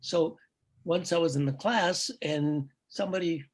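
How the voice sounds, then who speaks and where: An older man, a native Urdu speaker, telling stories from his past in a reflective, halting way during casual chat. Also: a little high, a little hiss or hum. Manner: reflective storytelling, halting restarts. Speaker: guest, father of the hosts.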